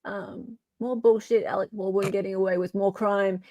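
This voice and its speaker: A woman's voice: mid-range voice, steady tone, moderate pace, mellow, no room sound. A woman hosting a podcast, chatting bluntly and mockingly about the news. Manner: blunt, mocking, laughs often. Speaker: podcast host. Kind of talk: casual commentary chat.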